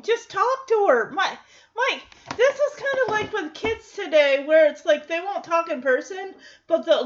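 Chatty woman recapping a sitcom, high voice. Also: dull audio. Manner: chatty, wry asides. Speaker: show recap host. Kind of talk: casual episode recap.

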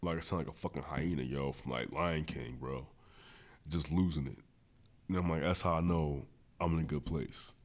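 A young man hosting a podcast, telling laid-back stories in casual slang. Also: moderate pace. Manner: laid-back slang-heavy storytelling, gets high-pitched when laughing. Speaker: podcast host. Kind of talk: casual chat.

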